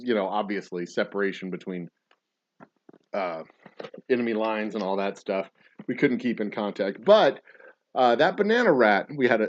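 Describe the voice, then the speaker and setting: A man's voice: medium pitch, highs cut off. A man hosting a casual chat show while mixing a cocktail, joking and rambling through tall tales with a straight face. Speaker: podcast host and distiller.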